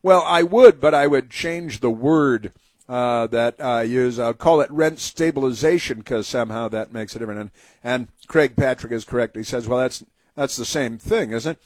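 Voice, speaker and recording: Radio talk host, man, mid-pitched, mocking monologue, dry booth sound. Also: normal speed, no echo. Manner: sarcastic, mocking, rambling with fillers.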